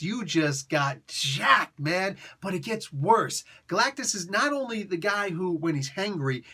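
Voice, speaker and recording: A man's voice: high-pitched, bright, forceful tone. A man giving a casual comic book review, retelling the story in slang and laughing often.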